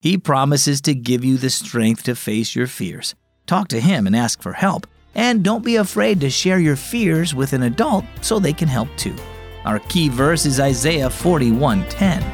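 Expressive man reading a kids' devotional. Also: mid-range voice, a little slow, soft background music. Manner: warm, expressive read-aloud for kids. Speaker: host and storyteller of a children's devotional. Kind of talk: scripted storybook narration.

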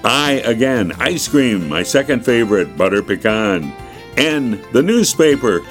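A man's voice: mid-range voice, big pitch swings, a little slow, faint music behind. A man reading a devotional children's story in a folksy, earnest way and chatting about things he is thankful for.

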